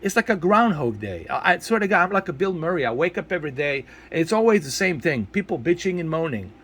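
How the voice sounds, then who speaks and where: A man's voice: a little high, very animated, fast talker, fairly bright tone, slightly rough. A man scolding his viewers in a ranting video commentary, exasperated and repeating himself for emphasis. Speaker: tech video creator.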